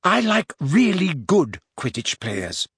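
A man's voice: a little high, animated, moderate pace, husky, no echo, studio quality, voice pushed up. A man voicing a clever teenage schoolgirl who speaks sweetly and pointedly in a storybook reading.

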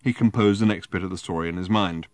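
A man reading an audiobook in measured, dry narration. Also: low voice, dry recording. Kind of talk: scripted narration.

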